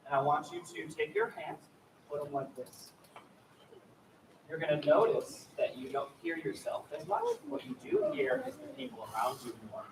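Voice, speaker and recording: High, lively man coaching a choir. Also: normal speed. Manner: upbeat, encouraging, demonstrates vocal sounds. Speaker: choir clinician. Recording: echoey hall, distant mic, loud ambient noise.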